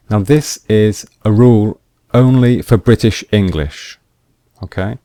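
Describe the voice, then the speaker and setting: A man teaching English grammar rules slowly and deliberately, repeating each point with examples. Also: on the low side, mellow, no echo, clean studio sound. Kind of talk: slow explanatory grammar lesson.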